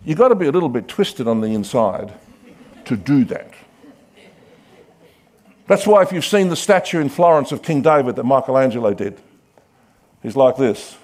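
A male pastor preaching a sermon, dramatic, swinging from loud calls to hushed asides and acting out quoted voices. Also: mid-range voice, big pitch swings, normal speed, pauses often.

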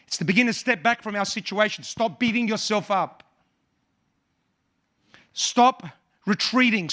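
A man's voice: sits high, pushed and bright. A male pastor preaching a sermon with impassioned, repetitive emphasis.

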